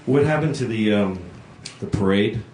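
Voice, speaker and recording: A man's voice: on the low side, normal speed. A man doing a live stand-up routine on a club stage, blunt, profane and sarcastic as he works the crowd. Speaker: stand-up comedian. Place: comedy club stage with audience. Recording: noisy live room with crowd.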